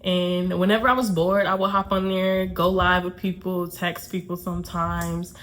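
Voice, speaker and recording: A young woman from Atlanta telling a casual storytime to her channel, chatty and quick to break into nervous laughter. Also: fairly low pitch, little pitch movement, a bit bright. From Atlanta, USA. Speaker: YouTuber.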